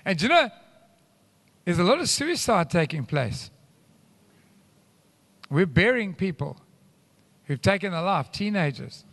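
A man preaching a sermon with animated swings between loud and hushed, and rambling asides. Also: sits high, a little slow, pauses often. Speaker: pastor. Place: church hall. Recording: live church hall reverb.

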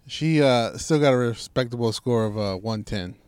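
A man's voice: medium pitch, normal speed, a little mellow, clear, resonant tone, dry recording. Laid-back storytelling man, dry sound. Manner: laid-back, swearing, quoting others in his stories. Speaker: podcast co-host. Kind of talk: casual storytelling chat.

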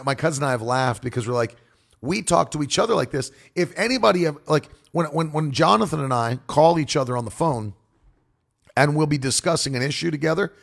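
Male preacher, casual monologue, slightly high gravelly voice, emphatic delivery. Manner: forceful, demonstrative, animated. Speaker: preacher and broadcaster.

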